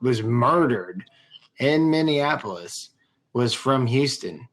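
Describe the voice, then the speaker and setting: A man's voice: medium pitch, lively intonation, slow pace, fairly bright tone. Rambling podcast host, a man. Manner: loose, rambling, swears casually, frequent restarts. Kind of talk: casual podcast chat.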